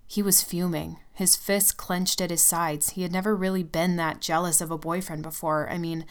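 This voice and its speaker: A woman's voice: on the low side, flat delivery, normal speed, few pauses. A woman reading a first-person story aloud in an intimate, confessional way.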